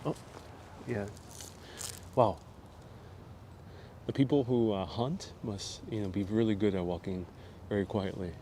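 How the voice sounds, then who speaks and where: Speaking low, unhurried and mellow, with long pauses, the man leads his live walking tour along city streets, casually narrating and reacting to comments. The gimbal-held phone recording carries a little hiss or hum.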